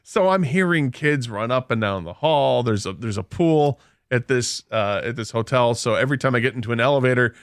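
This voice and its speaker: A man on a radio show rambles through a funny story at his own expense, with a middle-pitched voice and plenty of restarts. The studio sound is dry and close, with no room echo. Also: expressive, a little fast. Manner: rambling anecdote with self-deprecating humor and frequent restarts. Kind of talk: casual storytelling on sports radio.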